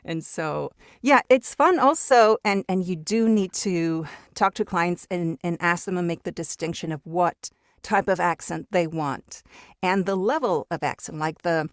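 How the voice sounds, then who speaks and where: This is a woman with a lowish voice whose first language is Spanish, talking easily as a guest in an interview. She restarts her sentences and repeats words as she goes. The sound is dry and close, with no room around it. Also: unhurried, no echo. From Mexico. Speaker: guest voice actor. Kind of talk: casual interview chat.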